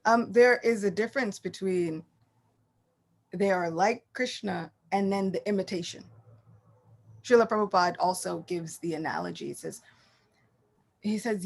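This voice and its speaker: A woman giving a scripture class, telling the story in a lively, animated way. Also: medium pitch, moderate pace, creaky, long pauses.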